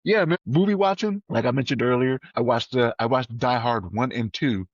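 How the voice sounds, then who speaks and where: A man co-hosting a podcast in casual chat, an animated storyteller who acts out the voices of people he quotes. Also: medium pitch, moderate pace, no echo, highs cut off. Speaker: podcast co-host.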